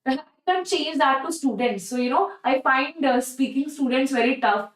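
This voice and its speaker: Indian English woman, chemistry teacher, high voice, repeats and checks in, echoey room a bit off mic. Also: normal speed, recorded from a distance. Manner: repetitive, coaxing, checks "okay? right?" often. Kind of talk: online exam-prep lecture.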